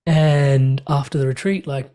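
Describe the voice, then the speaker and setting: Male podcast guest, mid-pitched and relaxed in tone, lively anecdotal storyteller. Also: a little slow. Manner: animated, laughs often, acts out quoted dialogue. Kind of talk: storytelling in conversation.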